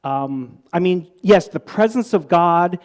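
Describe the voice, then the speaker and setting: Speaking slowly with lively intonation in a high but darkish voice, a preacher addresses a live audience conversationally. His stories are full of restarts and repeated words, and he follows them with questions for the listeners.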